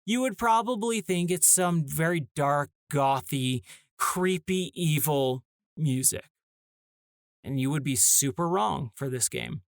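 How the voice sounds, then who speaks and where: A man's voice: on the high side, animated, slow pace, creaky, no echo, clean studio sound. A man hosting a casual talk show, ranting in an exasperated way and briefly acting out short bits of dialogue. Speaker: podcast host.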